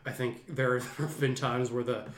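A man's voice: mid-range voice, steady tone, a little slow. A man hosting a film podcast, explaining history in a rambling, lecturing way with frequent restarts. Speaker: podcast host. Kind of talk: casual film discussion. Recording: roomy echo.

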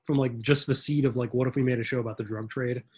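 A man's voice: medium pitch, steady tone, quick pace, darkish tone, breathy edge. A man co-hosting a podcast in casual chat, dropping dry, wry remarks. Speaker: podcast co-host.

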